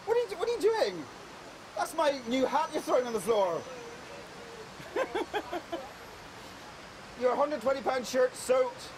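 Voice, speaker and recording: A man's voice: very high-pitched, big pitch swings, slow pace, long pauses, noisy background. A man with a Northern Irish accent, bantering cheekily with a crowd from an outdoor square. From Northern Ireland. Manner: cheeky, teasing, joking. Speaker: public art participant addressing a crowd. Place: outdoors in a large public square.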